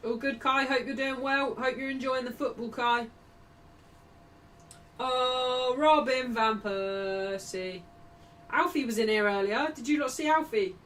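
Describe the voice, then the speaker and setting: A woman hosting a live football watchalong, chatting and reacting as the match goes on. Her voice is bright and a bit high. She sits some distance from the mic, and there is faint noise behind her. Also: fairly quick, few pauses. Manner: chatty, shouts greetings to chat. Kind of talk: casual live commentary.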